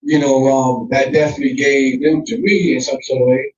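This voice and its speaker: A man co-hosting a casual podcast, talking in a measured, rambling way with lots of fillers. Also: medium pitch, darkish tone. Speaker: podcast co-host. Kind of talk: casual chat. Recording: echoey, distant, dull lo-fi sound.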